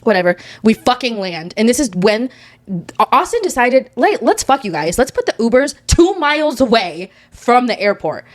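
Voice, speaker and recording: A woman's voice: a little high, big pitch swings, normal speed, no echo. A young woman co-hosting a podcast, telling a dramatic and profane story in a casual chat. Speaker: podcast co-host.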